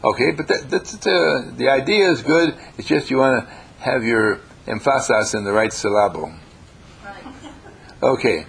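Gravelly-voiced man giving gentle class feedback. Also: medium pitch, a little slow. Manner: gentle, meandering critique with frequent hesitations. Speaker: workshop teacher. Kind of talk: classroom feedback on student writing.

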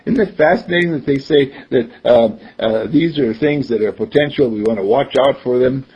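A mid-range, darkish voice, husky and gravelly, belongs to an older man speaking at a moderate pace. He gives a conversational talk of stories, performing the quoted voices and chuckling often, on a dull lo-fi recording.

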